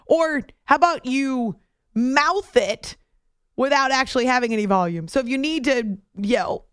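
Woman, sports talk host, smooth higher voice, dry sound, chatty and wry. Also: a little slow, a bit bright, no echo. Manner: chatty, wry, laughs between points. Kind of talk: sports commentary.

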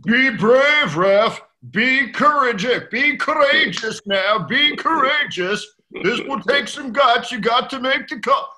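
A man's voice: expressive, takes it slowly, hardly any pauses, heavily acted. A man putting on an English footballer begging the ref. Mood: pleading. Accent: English, imitated. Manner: insistent, imploring, loud and high. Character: English male soccer defender pleading with a referee.

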